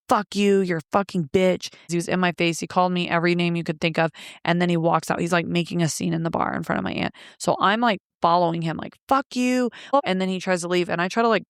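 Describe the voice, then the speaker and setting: A woman's voice: on the low side, smooth, no echo, clean studio sound. A woman, an interview guest, bluntly retelling a painful personal story with frequent profanity.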